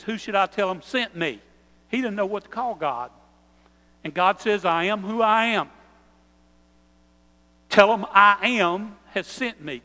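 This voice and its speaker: A man preaching a sermon as pastor, earnest, slowing down and stressing key phrases. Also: high-pitched, a bit bright, big-room sound, low-quality recording.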